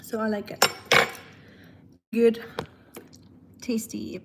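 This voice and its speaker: A woman's voice: a little high, completely flat delivery, extremely slow, heavy background noise. A woman from Germany with a German accent, chatting casually with viewers while she cooks on a phone livestream in her kitchen. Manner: chatty, reads out and answers viewers' chat, laughs often. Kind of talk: casual cooking livestream chat. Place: home kitchen. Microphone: phone on the counter.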